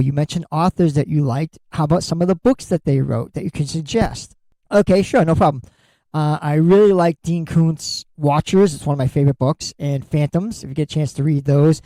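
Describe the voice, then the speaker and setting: A man's voice: a little high, mellow, dry recording, poor audio. A middle-aged man hosting a solo podcast, talking bluntly and candidly and swearing freely. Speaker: podcast host.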